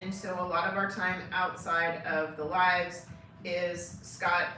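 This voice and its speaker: A woman's voice: fairly low pitch, level tone, slow pace, sharp tone, far from the mic, a little hiss or hum. A middle-aged woman, chatting casually on a livestream and reading out viewer questions with a teasing manner. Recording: echoey room, off-mic, music behind.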